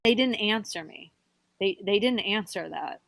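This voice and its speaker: Woman telling an eerie story, halting. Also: mid-range voice, gravelly, no echo. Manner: halting, animated when quoting herself. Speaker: podcast guest. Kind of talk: telling a personal paranormal story.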